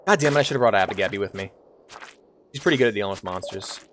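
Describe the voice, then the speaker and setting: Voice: low-pitched, expressive, racing, a bit bright, slight background noise. A VTuber streamer giving casual live gameplay commentary, playful and giggly, swearing casually and meowing now and then.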